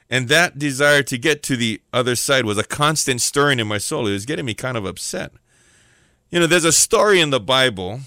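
A man's voice: medium pitch, sharp tone, no echo, clean studio sound. A middle-aged man preaching a sermon, telling stories and asking rhetorical questions in a reflective way.

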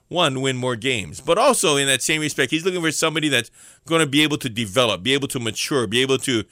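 A man preaches an informal devotional message in a bright, forceful voice. He is earnest and slows down to repeat his key lines for emphasis. The sound is close and dry, with no room around it. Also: medium pitch, no echo.

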